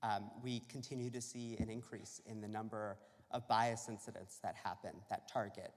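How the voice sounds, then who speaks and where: A man giving an earnest, measured speech at a celebration, with some fillers. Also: fairly low pitch, steady tone. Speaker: state civil rights official. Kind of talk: public speech. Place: church. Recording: reverberant church hall.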